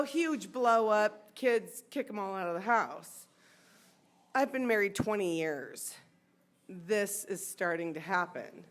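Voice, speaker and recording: A woman in her forties with an American accent, telling a true personal story on stage and acting out the people in it. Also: medium pitch. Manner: animated, acts out the voices in her story. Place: sports bar stage.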